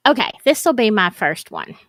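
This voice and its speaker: A woman's voice: mid-range voice, big pitch swings, normal speed, fairly bright tone, no room sound. A woman, hosting a casual, rambling chat and laughing often. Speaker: host. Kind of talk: casual chat to a live audience.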